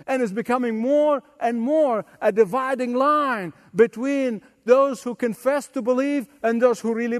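A man's voice: very high-pitched, in a large hall. A man preaching an emphatic sermon as pastor, acting out quotes.

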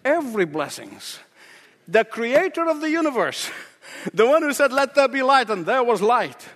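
A man's voice: very high-pitched, lively intonation, normal speed, a bit bright, in a large hall. A male pastor preaching a sermon with an emphatic, repetitive cadence.

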